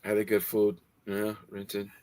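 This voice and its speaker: Excitable, profane man from California. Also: fairly low pitch, moderate pace, no echo. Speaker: co-host of a comics livestream. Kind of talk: casual chat. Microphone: livestream setup.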